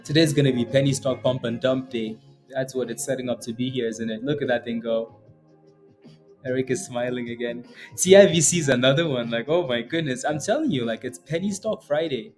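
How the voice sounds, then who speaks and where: A man's voice: medium pitch, a little fast, faint music behind. A man hosting a live day-trading stream, chatting and joking over stock charts and tagging "right?" onto many lines. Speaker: day trading livestream host.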